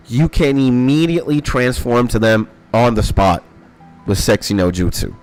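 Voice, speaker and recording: A young man streaming a game, rambling excitably in casual chat and swearing a lot. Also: mid-range voice, normal speed. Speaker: gaming streamer. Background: faint background music.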